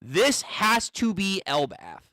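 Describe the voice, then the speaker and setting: Excitable man with a lively voice. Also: high voice, slow pace, no echo, studio quality. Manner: excitable, swears, thinks aloud. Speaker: manga reaction streamer. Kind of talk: live reading reaction.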